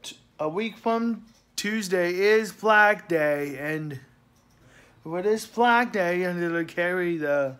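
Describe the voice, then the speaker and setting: Man, sleepy and yawning, very slow halting delivery, gravelly voice, casual channel announcement. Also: on the high side. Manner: slow, halting, with frequent fillers and trailing off quietly. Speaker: channel host.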